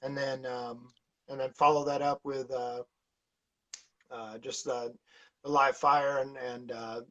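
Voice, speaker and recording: A man's voice: medium pitch, takes it slowly. A man talking as a podcast guest in casual conversation, rambling through stories with many fillers and restarts. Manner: animated, laughs while telling stories. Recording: dull lo-fi podcast audio.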